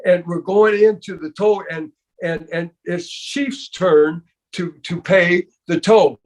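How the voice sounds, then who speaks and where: An older man spins a long story in a casual interview, stumbling and restarting, dropping "man" and "you know" all through. His voice sits a bit higher than most men's. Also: takes it slowly. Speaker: interview guest.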